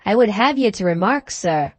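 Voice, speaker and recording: A woman reading the part of a proud, hot-tempered Highland gentleman, talking in a formal and touchy way. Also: lively intonation, moderate pace, no echo, lightly acted. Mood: stiffly formal.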